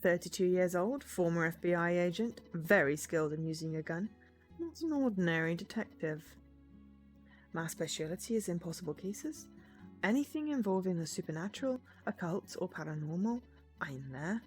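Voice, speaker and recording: Cocky thirties male detective with a Scottish accent, confident and boastful, with lively pitch, voiced by a woman. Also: moderate pace, faint music behind, lightly acted. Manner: confident, self-assured boasting. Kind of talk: visual novel voice reading.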